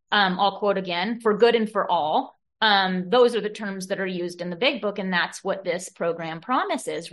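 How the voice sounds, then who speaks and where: A woman's voice: a little high, fairly bright tone. A woman sharing at a recovery meeting, earnest, quoting from a book with many fillers.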